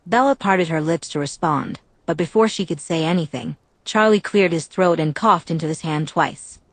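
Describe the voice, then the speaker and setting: A woman narrating a fan-fiction audiobook in a steady, even reading. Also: low-pitched, normal speed, dry recording.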